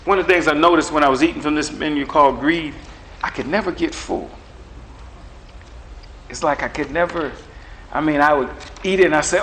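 A middle-aged man delivers a sermon in an animated, conversational style. His voice sits somewhat high, and a faint hiss of room noise runs underneath. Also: fairly quick, pauses often, rough recording. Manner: animated, conversational, acts out dialogue with God. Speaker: preacher.

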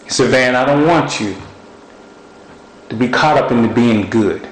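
Animated folksy preacher man, echoey room. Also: medium pitch, measured pace. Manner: animated storytelling, folksy speech. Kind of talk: sermon.

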